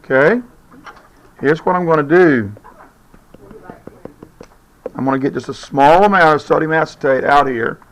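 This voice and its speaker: A man's voice: fairly high pitch, moderate pace, pauses often, poor audio. A man teaching a chemistry demonstration in a classroom, firm and shushing his chattering students. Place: school classroom.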